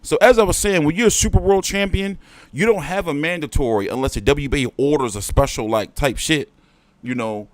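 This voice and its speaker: A man's voice: a little fast, no room sound. A man hosting a boxing livestream, ranting in heated, profane bursts. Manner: profane, heated ranting with swings in pitch and volume. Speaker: boxing show host. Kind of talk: livestream rant.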